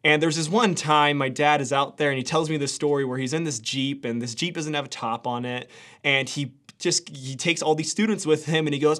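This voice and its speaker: A young man giving a casual devotional sermon as a pastor, telling stories with quick asides. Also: fairly high pitch, steady tone, a bit bright.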